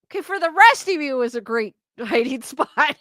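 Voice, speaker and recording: A woman's voice: high-pitched, bright, forceful tone, dry recording, clean studio sound. A young woman hosting a casual livestream, chatting and giggling as she reads out viewers' comments. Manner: chatty, giggly, quotes chat names aloud. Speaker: livestream host.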